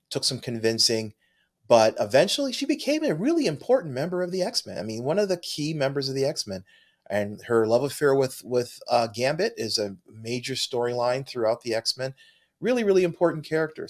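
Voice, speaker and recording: A man co-hosting a comic book show, talking eagerly in casual chat with frequent restarts. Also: medium pitch. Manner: enthusiastic, halting, full of restarts. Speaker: comic book podcast co-host.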